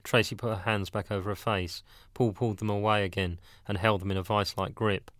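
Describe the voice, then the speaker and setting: A man narrating a dramatic story in a steady, plain storytelling manner. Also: fairly low pitch, fairly quick, no echo, clean studio sound. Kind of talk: scripted narration.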